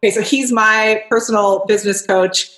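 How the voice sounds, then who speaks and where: A woman's voice: mid-range voice, fairly even intonation, moderate pace, a bit bright. Bubbly woman in a roomy space. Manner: bubbly and enthusiastic, with frequent restarts. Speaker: podcast guest. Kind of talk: casual conversational interview. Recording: roomy echo.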